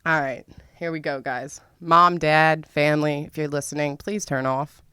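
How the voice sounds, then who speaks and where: A woman's voice: deep voice, moderate pace, clean tone, no room sound, clean studio sound. A woman hosting a podcast, telling a story in a casual, profane way, laughing often. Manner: excitable, voice spikes when venting. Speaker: podcast host.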